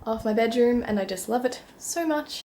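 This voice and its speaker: A young woman with a fairly high voice chats casually in her bedroom, recorded on the camera's own mic. She is bubbly and giggly, often stumbling over words and laughing at her own slips. Her tone stays light and self-deprecating throughout. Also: normal speed, mellow, a little hiss or hum. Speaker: book vlogger. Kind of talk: casual vlog chat.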